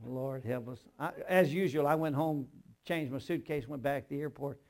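Delivering a sermon, this older male pastor shifts from quiet narration to loud, forceful emphasis and drops in funny asides. He speaks at a normal speed in a mid-range, creaky voice.

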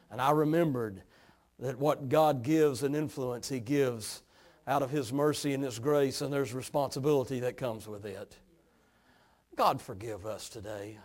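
A middle-aged man from East Tennessee with a hillbilly accent, preaching a sermon in a folksy, drawling manner that moves between quiet storytelling and fervent exhortation. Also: medium pitch. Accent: East Tennessee Appalachian. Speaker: pastor.

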